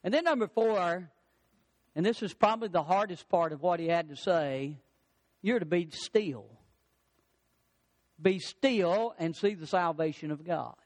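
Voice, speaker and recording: A man preaches a sermon in a high, ringing voice. He stacks repeated lines with rising emphasis and acts out the people he quotes. A long reverb from a large hall trails behind him. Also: measured pace, pauses often. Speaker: pastor.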